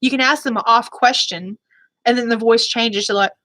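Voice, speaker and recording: Woman vlogger, bright higher voice, chatty and apologetic, dry close mic. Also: steady tone, normal speed, no room sound. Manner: chatty, rambling, often apologetic. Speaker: beauty vlogger. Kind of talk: casual chat.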